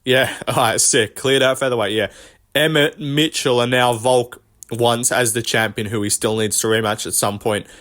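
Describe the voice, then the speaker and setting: A man's voice: medium pitch, fairly even intonation, normal speed, a bit bright. A man ranting casually about fighters in a vlog, rambling, profane and dismissive. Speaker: MMA commentary vlogger. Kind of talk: casual commentary rant.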